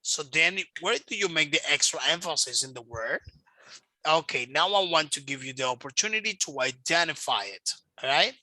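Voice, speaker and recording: A man's voice: a little high, expressive, moderate pace, bright, forceful tone, no room sound. A man teaching English in a one-on-one video call lesson, patient and repetitive, sounding out words to show their stress. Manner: patient, repeats himself, models word stress.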